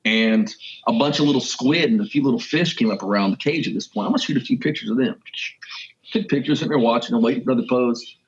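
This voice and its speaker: A man, a wildlife photographer and journalist, telling a story as a podcast guest in a lively, animated way. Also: fast talker, lo-fi sound. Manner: animated, with sudden jumps in pitch and pace. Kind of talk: casual storytelling.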